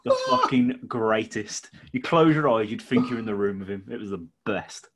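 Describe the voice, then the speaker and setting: A man's voice: on the low side, lively intonation, normal speed, heavy background noise. A man co-hosting a podcast in casual chat, playful, laughing often and swearing. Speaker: podcast co-host.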